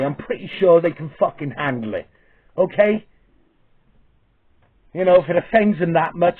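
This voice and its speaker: A man's voice: a little high, husky. A man with a heated, profane, stop-start manner, ranting to camera through tinny phone-like audio. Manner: swearing, heated, halting restarts. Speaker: vlogger. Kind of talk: angry profane rant.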